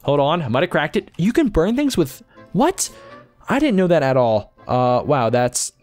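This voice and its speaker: Man, gaming YouTuber type, chatty self-talk over gameplay, voice sits a bit high, soft music underneath. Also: big pitch swings, normal speed. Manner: chatty, talks to himself and viewers while playing. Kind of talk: let's-play commentary.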